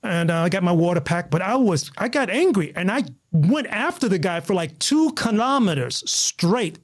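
A man from the United States, a guest on a talk show, telling stories in an excitable, animated way with many restarts. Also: high voice, moderate pace. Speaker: guest, martial artist. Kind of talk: casual conversational storytelling.

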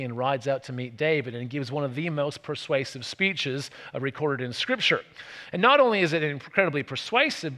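A man's voice: fairly high pitch, bright, forceful tone, long reverb tail. An Australian man preaching a sermon in a church, chatty and full of tag questions and restarts.

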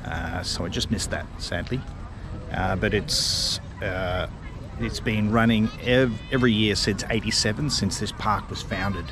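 A man's voice: fairly low pitch, measured pace. A middle-aged Australian man narrating a casual walking vlog outdoors, rambling and chatty with lots of fillers and restarts. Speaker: travel vlogger. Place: outdoors in a city park. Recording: outdoor street and traffic noise.

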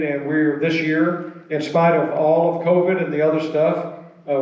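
A man's voice: fairly high pitch, darkish tone. A male pastor preaching a sermon in a church in a folksy, conversational way. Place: church sanctuary. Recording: echoey, distant, dull church recording.

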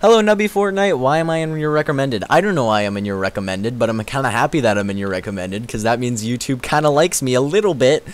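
A young man chats on a live stream, reading his chat aloud in a giggly, excitable way that drops to low mumbles and leaps to high squeals. He talks fast with hardly any pauses.

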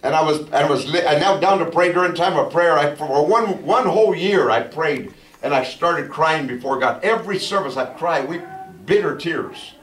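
A middle-aged male pastor giving a testimony sermon, telling his story and building to fervent, shouted praise. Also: fairly high pitch, moderate pace. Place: church sanctuary. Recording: echoey church from a distance.

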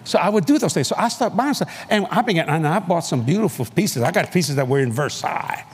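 A male preacher telling a story in a sermon at a convention, animated and playful, laughing often and bursting into shouts. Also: a little high, fast talker, breathy edge. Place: convention hall before a live audience.

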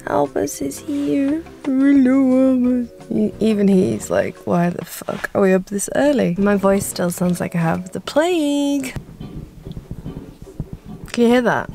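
A woman's voice: mid-range voice, measured pace, creaky, long pauses, a little mellow, soft background music. A young woman, talking casually to camera in a chatty, sweary, self-mocking way. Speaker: vlogger. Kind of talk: casual vlog talk.

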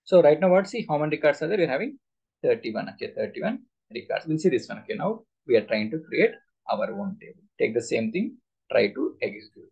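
A man teaches a live class, firing repeated questions at his students. His voice is gravelly and a little husky, with a lively, swooping pitch. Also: fairly quick, lo-fi sound. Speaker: SQL instructor.

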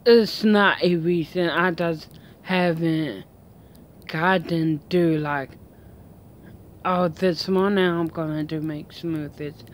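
A woman's voice: sits low, fairly even intonation, takes it slowly, slight background noise. A woman vlogging outdoors at home in a casual, rambling chat full of fillers and restarts.

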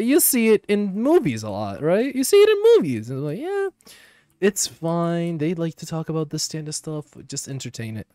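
Slangy young man, lively and swinging in pitch. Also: no room sound. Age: young adult. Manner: slangy, profane, swings between low mumbling and loud excited outbursts. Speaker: streamer. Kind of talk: casual storytelling while gaming. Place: home room.

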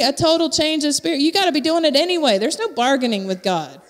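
A woman's voice: very high voice, lively intonation, fast talker. Woman, preacher, live sermon, frank and self-mocking, lingering church echo. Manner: candid and conversational, with self-mocking humor. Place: church sanctuary at a live service. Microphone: handheld microphone. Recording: long hall reverb from a church.

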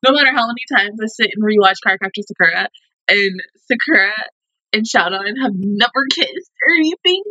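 A woman's voice: medium pitch, animated, brisk, pushed and bright, no echo, rough recording. Gushing young woman reviewing an episode. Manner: gushing and emotional, many fillers. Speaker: anime reaction host. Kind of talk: casual reaction review.

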